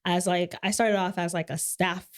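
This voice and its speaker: A woman in her late twenties co-hosting a podcast, chatting casually and lively, acting out what others said. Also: lowish voice, normal speed. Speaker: podcast co-host. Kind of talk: casual chat.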